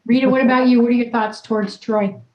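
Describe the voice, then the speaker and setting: Upbeat lady coach on a video call, teasing and blunt, kinda high voice, dull lo-fi audio. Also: fairly even intonation, quick pace, darkish tone, echoey room. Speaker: wellness coach hosting group session. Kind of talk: casual coaching chat.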